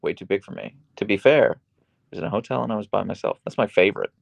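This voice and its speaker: A man hosting a casual livestream from a small bedroom, reading chat aloud and cooing at his dog in a high baby-talk voice. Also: fast, creaky, breathy edge, no echo.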